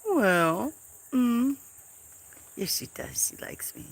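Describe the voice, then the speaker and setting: A woman hosting a casual farm livestream, softly chatting and cooing baby talk to cats, sometimes dropping to a whisper, on a camera mic. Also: mid-range voice, lively intonation, slow pace. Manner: soft-spoken, drifts into whispers.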